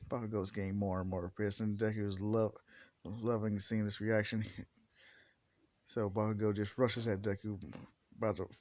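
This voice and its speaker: A man's voice: fairly low pitch, little pitch movement, moderate pace, long pauses, darkish tone, no room sound. A man casually telling a fan-fiction story in a rambling, profane way with frequent restarts.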